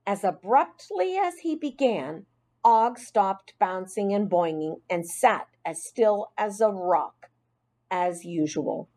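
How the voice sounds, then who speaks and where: A woman narrating a children's audiobook in an expressive, unhurried storytelling manner. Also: mid-range voice.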